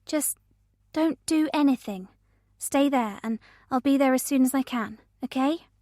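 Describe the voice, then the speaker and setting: A woman voices a concerned adult friend on the phone, sounding worried yet soothing. Her delivery sits high with lively intonation and a moderate pace, pitched above her own natural voice, in clean studio sound with no room tone.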